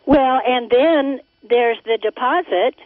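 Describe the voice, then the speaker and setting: A woman's voice: high voice, takes it slowly, no room sound. Chatty woman caller on a phone line. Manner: chatty, earnest storytelling. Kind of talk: phone-in conversation. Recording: tinny dry phone line.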